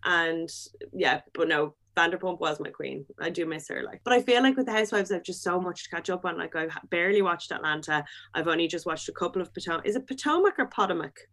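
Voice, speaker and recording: A woman's voice: fairly low pitch, fast talker, hardly any pauses, fairly bright tone. A young woman chatting casually about reality TV, gushing and giggly, often laughing mid-sentence. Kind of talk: casual chat.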